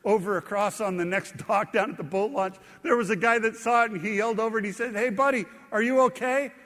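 A man with a notably high voice gives a sermon in a church sanctuary, and his words ring out with a long reverb. He tells stories about his own mishaps with easy, self-deprecating humor before he turns to praise. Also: steady tone, quick pace, fairly bright tone. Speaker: pastor.

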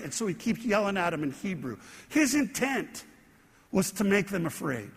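A man's voice: sits high, very animated, normal speed, fairly bright tone, breathy edge. A man preaching a sermon in a conversational way, asking his congregation questions as he goes. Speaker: pastor. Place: church sanctuary. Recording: long church hall reverb.

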